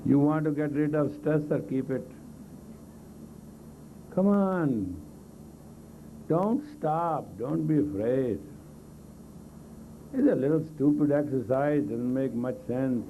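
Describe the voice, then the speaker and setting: Speaking slowly and expressively at medium pitch, with long pauses, a male meditation teacher leads a live group exercise class through blunt, coaxing commands in non-native English grammar. Slight background noise sits on this tinny lo-fi 1980s tape of a live talk.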